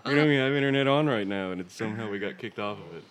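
A man's voice: fairly low pitch, rapid-fire, crowd noise. A young adult man co-hosting a podcast, joking, laughing often and talking casually into a studio mic. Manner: laughs often, jokey and animated. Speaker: podcast co-host. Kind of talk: casual chat.

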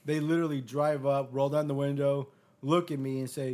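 A man's voice: medium pitch, fairly quick. A man casually telling a long story as a podcast guest, swearing often and acting out the other people's lines. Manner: profane, animated retelling with quoted dialogue.

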